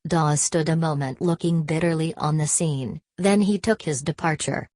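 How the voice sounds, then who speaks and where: A woman narrating a classic novel as an audiobook in a steady, measured way. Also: deep voice, no echo. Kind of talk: novel reading.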